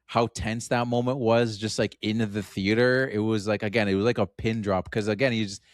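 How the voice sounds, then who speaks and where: A man's voice: lowish voice, fairly even intonation, brisk, no room sound, studio quality. A man co-hosting a podcast, talking about a film in a loose, chatty way, full of filler words. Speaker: podcast co-host. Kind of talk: casual film review chat.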